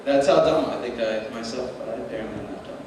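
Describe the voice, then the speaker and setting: A man's voice: medium pitch, fast talker. A young man doing open-mic stand-up comedy, rambling and self-deprecating, often laughing at his own jokes. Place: small club with live audience. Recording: echoey room recorded from a distance, noisy.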